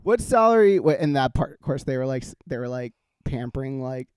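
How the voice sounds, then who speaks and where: A man's voice: mid-range voice, animated, fairly quick, a little mellow, clear, resonant tone, no room sound. A man hosting a casual talk show, rambling with lots of fillers and laughing often. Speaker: podcast host. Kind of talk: casual chat.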